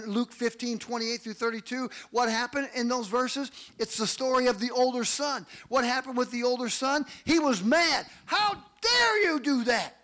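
A male pastor preaching a sermon, telling family stories in an animated way and acting out the people in them. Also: very high-pitched. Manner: animated storytelling, acts out quotes.

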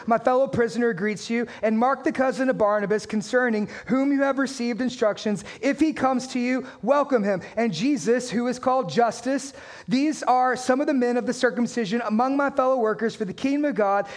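A pastor with a strikingly high voice delivers his sermon with lively energy. He talks in a conversational way, throws rhetorical questions at the congregation and reads scripture aloud.

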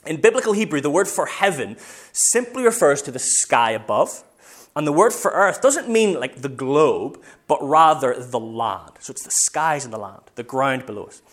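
A man's voice: fairly high pitch, normal speed. Guy giving a chatty sermon, voice moves up and down a lot. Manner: conversational, self-correcting, animated storytelling. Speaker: preacher. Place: church meeting room.

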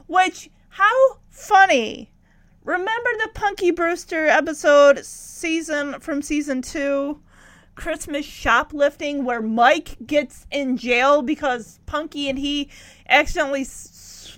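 A high-voiced woman recapping a TV episode in a loose, chatty way. She talks back to the characters as if they could hear her. Her voice sounds dry and close, with no room around it. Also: a bit bright, no room sound. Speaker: show recapper. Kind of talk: casual episode recap commentary.

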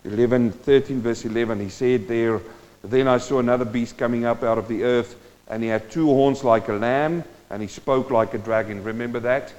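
A male preacher giving a sermon, moving between quiet teaching and loud, impassioned exhortation and speaking straight to his listeners. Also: mid-range voice, fairly even intonation, normal speed. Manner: addresses the congregation directly. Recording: dull sound with long hall reverb.

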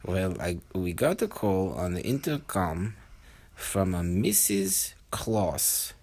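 A man voicing a grand old male leader from the future, who speaks in slow, drawn-out phrases, in a told bedtime story. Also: low voice, sing-song, a little mellow, husky, exaggerated voice.

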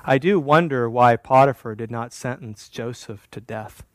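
A man's voice: medium pitch, moderate pace, dry recording. A man preaching a sermon in a church, with a conversational, wry manner that teases the congregation. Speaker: pastor.

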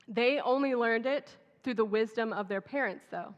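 A woman's voice: fairly high pitch, normal speed, hardly any pauses. Storytelling woman pastor in a reverberant hall. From Texas. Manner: storytelling, conversational and humorous. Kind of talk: sermon. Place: church sanctuary. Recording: dull sound, long hall reverb.

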